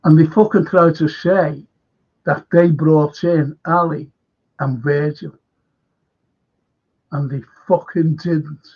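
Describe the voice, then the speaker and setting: A slow, drawn-out man with a gravelly, husky voice rants in a heated talk-show monologue, swearing at every turn and circling back over his points. The sound is dull and lo-fi. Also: on the high side, steady tone. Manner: heated, swears constantly, repeats himself. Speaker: host of a fan football show.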